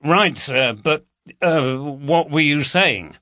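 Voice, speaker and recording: A man's voice: fairly high pitch, animated, slow pace, sharp tone, dry recording, studio quality, voice pushed up, exaggerated voice. A man voicing a polite, hesitant young male detective from London.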